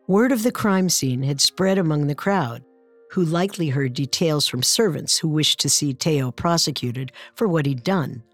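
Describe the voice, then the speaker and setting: A woman narrating a true-crime story in a measured, scripted way. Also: low voice, lively intonation, no room sound, faint music behind.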